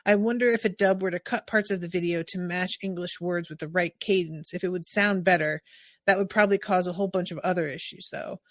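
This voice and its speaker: A woman from the United States hosting a casual podcast chat, talking in an animated, expressive way with quick asides. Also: lowish voice, dry recording, clean studio sound. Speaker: podcast host.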